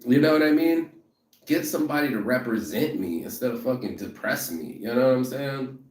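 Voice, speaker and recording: A man in a profane motivational rant about rejection, emphatic and repetitive, who says he is walking toward a train station. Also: mid-range voice. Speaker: vlogger. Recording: echoey, from a distance.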